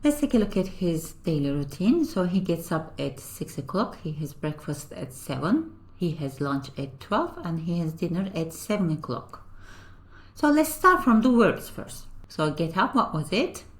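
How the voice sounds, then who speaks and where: A woman teaching a beginner language lesson. She explains patiently, step by step, with a steady run of "so" and "right?", and slows down to model each phrase. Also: fairly low pitch.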